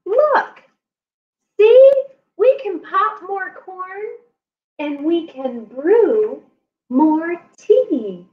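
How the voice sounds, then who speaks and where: Woman doing a squeaky little storybook mouse. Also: sing-song, drawn-out words, long pauses, reverberant, lo-fi sound, full character voice. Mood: coaxing. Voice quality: high squeaky. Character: tiny fussing mouse soothing a friend.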